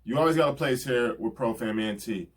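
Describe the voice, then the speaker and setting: A man's voice: medium pitch, quick pace, slightly rough. A man, talking earnestly and casually as he thanks the people in his life. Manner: earnest, repeats "you know what I'm saying". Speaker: rapper giving album shout-outs. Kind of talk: casual heartfelt talk.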